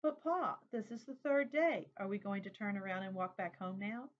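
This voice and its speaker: A woman's voice: medium pitch, expressive, moderate pace, muffled recording, close to an everyday voice. A woman reading a memoir aloud, voicing a small tearful girl who pleads and whines to go home. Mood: pleading, tearful. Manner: whiny, pleading.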